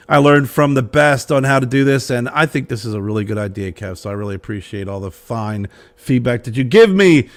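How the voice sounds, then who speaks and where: A man hosting a live online cigar show, teasing his guests and rattling off quick announcements. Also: medium pitch, animated. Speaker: host.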